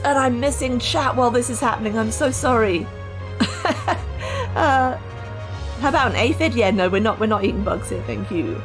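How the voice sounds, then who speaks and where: Woman, live game streamer, fairly high voice, chatty and lively, faint music under her. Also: moderate pace. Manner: chatty, animated, reads and answers chat. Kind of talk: casual live-stream chat.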